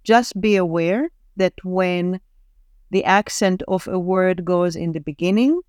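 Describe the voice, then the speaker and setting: Woman language teacher, slow careful reading, slightly low and clear. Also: darkish tone, dry recording, studio quality. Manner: reads syllables and words slowly and deliberately. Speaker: Hebrew teacher.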